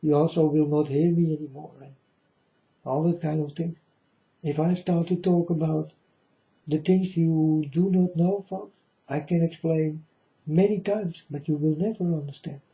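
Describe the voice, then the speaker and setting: A man delivers a preachy monologue to viewers in a slightly high but very dark, mellow voice. He talks haltingly and grandly, calling out to his folks again and again, on a dull lo-fi recording. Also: steady tone. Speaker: self-styled preacher vlogger.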